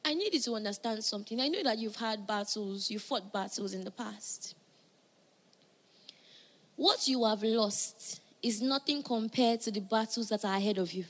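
A woman preaching a sermon, moving between loud emphatic calls and soft, hushed passages. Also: a little high, moderate pace.

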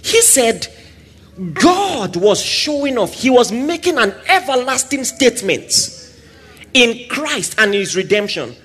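A man preaching a sermon, swinging between loud exclamations and soft asides and acting out little scenes. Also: extremely high pitch, big pitch swings, takes it slowly, slightly rough. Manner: acts out little scenes with quoted voices and laughter.

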